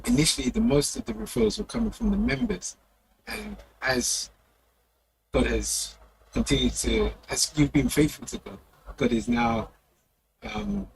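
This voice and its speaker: Man, slightly high, raspy gravelly voice, measured church panel moderator. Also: a little hiss or hum, poor audio. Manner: slow, searching phrasing with pauses.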